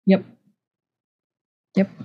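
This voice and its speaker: A woman's voice: drawn-out words, highs cut off. A young woman co-hosting a casual book chat, rambling with many "like" fillers and restarts. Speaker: podcast co-host.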